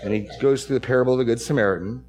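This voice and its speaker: A man's voice: medium pitch, racing, darkish tone. A man preaching an expository sermon as pastor. He stresses key phrases, repeats words and restarts his sentences.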